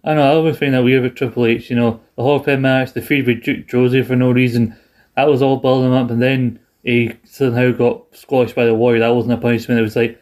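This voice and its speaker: A man's voice: medium pitch, level tone, brisk, darkish tone. Rambling Scottish man. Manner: rambling, restarts often, laughs along, swears freely. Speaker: podcast co-host. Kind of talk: casual chat.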